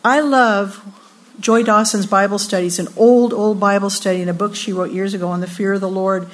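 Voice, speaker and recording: An older woman giving a sermon at a retreat, telling stories in a lively way and acting out the voices of people she quotes. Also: medium pitch, normal speed. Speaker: retreat speaker.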